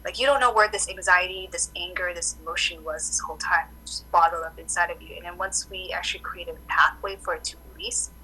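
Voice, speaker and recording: A woman acupuncturist chatting casually in an interview, telling animated stories full of "like" fillers. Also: fairly low pitch, fast, hardly any pauses, slightly rough, poor audio. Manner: animated storytelling, many "like" fillers. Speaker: acupuncturist guest.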